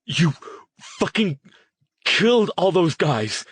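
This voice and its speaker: A man voicing a furious young man who yells in disbelief, his voice shaking. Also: high-pitched, big pitch swings, unhurried, breathy edge, no echo, pitched above the performer's own voice, full character voice. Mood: furious yelling. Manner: screaming, shaky.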